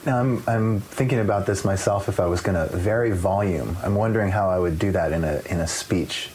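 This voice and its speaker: A man hosting an interview, asking questions in a halting way with frequent restarts. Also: deep voice, darkish tone, a little hiss or hum, poor audio. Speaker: interview host.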